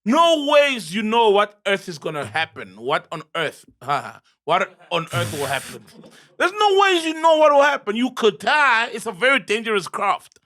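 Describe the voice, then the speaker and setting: High, bright-voiced South African man. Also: normal speed. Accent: South African English. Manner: animated, laughs often, talks over others. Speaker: podcast host. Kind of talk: casual chat.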